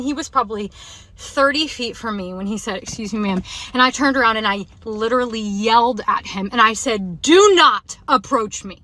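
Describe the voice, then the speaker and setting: Bright-voiced, agitated woman. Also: on the high side, dry recording. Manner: agitated, emphatic.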